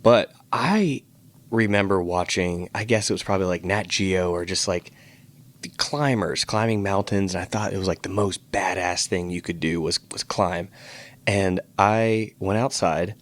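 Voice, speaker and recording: A man's voice: low voice, normal speed. A man from Virginia co-hosting a podcast, chatting casually with playful, teasing questions. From Fairfax, Virginia, USA. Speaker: podcast co-host. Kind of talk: casual chat.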